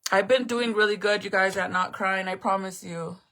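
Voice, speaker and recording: A woman's voice: mid-range voice, fairly even intonation, moderate pace, a bit bright. A woman in her thirties chatting casually on a livestream to her viewers, emotional and close to tears. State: tearful. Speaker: livestream host.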